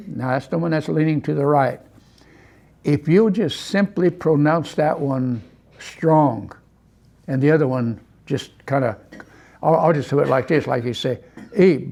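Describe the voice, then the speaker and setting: A man teaching a language class, relaxed, repeating words slowly for his students. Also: on the high side, vocal fry.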